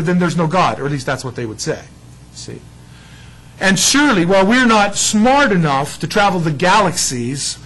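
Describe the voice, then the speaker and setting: A man with a high-pitched voice leads a Bible study in a loose, conversational way. He wanders into side remarks and lets many of them trail off quietly before coming back to the text. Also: poor audio. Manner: chatty, digressive, often trails off quietly. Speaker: Bible teacher.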